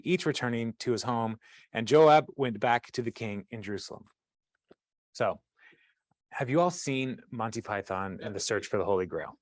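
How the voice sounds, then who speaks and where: A man's voice: medium pitch, no echo. Chatty male Bible-study host, mid-range voice, laughs and digresses, close dry recording. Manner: chatty, laughs often, wanders off-topic. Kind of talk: casual scripture reading with commentary.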